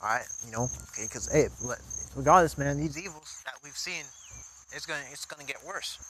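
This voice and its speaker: A somewhat high-voiced man gives informal scripture teaching outdoors at a camp. He reads the verses in a louder, more formal voice, then drops back into loose talk full of "man" and "all right?". Faint crickets and insects chirp softly behind him. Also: a little hiss or hum, low-quality recording. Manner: fills every pause with "man", "okay?" and "all right?"; reads verses aloud louder and more formally than his own remarks. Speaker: religious teacher.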